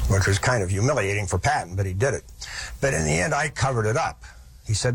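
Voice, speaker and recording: Man, gravelly, lively pitch, folksy storytelling lecture, faint background hiss. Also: fairly quick. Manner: folksy, vivid storyteller with asides. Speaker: historian lecturer.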